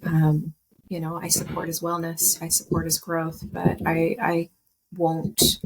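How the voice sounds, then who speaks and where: A woman speaking as a podcast guest, soft and reflective, often hesitating and restarting her sentences. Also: deep voice, monotone, a little slow, slightly rough. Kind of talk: personal conversation.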